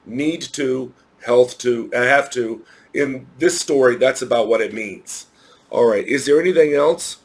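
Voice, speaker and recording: Slow, patient man teaching. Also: medium pitch. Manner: slow, patient explaining with repeated examples. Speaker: English teacher. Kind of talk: recorded lesson for children.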